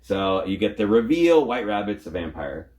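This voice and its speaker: A man hosting a casual comic book chat, recapping a story in a rambling way and acting out the characters' lines in quick voices. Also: lowish voice, big pitch swings, a little mellow. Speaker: comic book show host.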